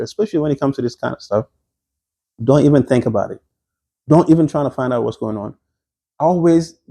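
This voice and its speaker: A man delivers a religious history lecture at an ordinary, mid-range pitch, his voice mellow and dark. He talks conversationally, restarting phrases, exclaiming often, and quoting Arabic scripture along the way. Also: creaky, breathy edge. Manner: slips into quoted Arabic phrases. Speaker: Islamic teacher. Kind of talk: recorded Islamic history lecture.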